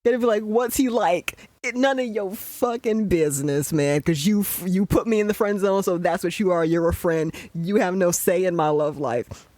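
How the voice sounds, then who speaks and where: A young adult podcast host talks through a show in a loose, swearing rant, worked up and exasperated. The voice sits at an ordinary middle pitch, recorded close and dry with no room sound. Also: moderate pace, darkish tone, no echo. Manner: ranting, profane and exasperated. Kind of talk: casual show commentary.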